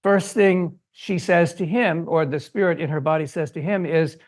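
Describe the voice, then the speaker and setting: Older guy lecturing in a hall, animated storyteller, bit high voiced. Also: moderate pace. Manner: animated, acts out quoted voices. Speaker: guest lecturer.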